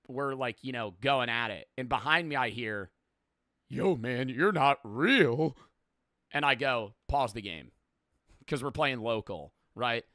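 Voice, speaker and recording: Young man, streamer, profane, rambling, bright voice, dry close sound. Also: mid-range voice, smooth, dry recording. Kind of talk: casual reaction stream storytelling.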